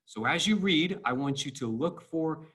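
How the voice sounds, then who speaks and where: A man teaching high school English in a recorded video lecture, explaining patiently and stressing syllables to show the rhythm. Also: lively intonation, normal speed, fairly bright tone, breathy edge. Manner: repeats words and restarts.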